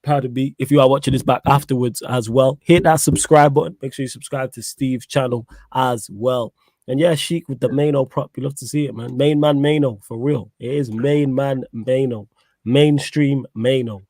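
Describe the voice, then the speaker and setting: A man's voice: medium pitch, fairly even intonation, normal speed, darkish tone, no echo. A man hosting a casual football chat livestream, playful and joking with his viewers. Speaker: host.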